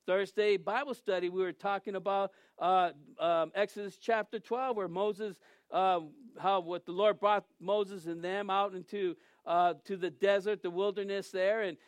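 A man's voice: sits high, fairly even intonation, moderate pace, clean tone, no echo. A male pastor giving a sermon in a conversational, storytelling way that turns emphatic at times.

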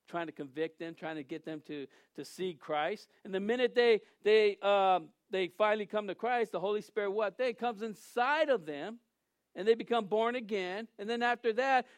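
High-voiced male pastor preaching. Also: dry recording. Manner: conversational storytelling preacher, emphatic at times. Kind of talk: sermon.

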